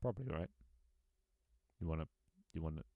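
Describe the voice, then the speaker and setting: A man's voice: a bass voice, fairly quick, no echo, narrow, tinny audio. A man casually chatting and joking while playing an online game, laughing often. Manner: playful, joking, chuckles often. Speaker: gaming streamer. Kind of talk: casual gameplay chat.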